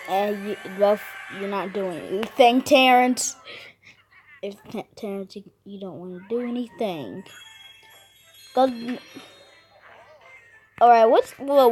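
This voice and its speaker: A woman's voice: medium pitch, darkish tone, rough recording. A woman giving casual, playful commentary while playing a game, talking to the characters and cracking puns. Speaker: gamer.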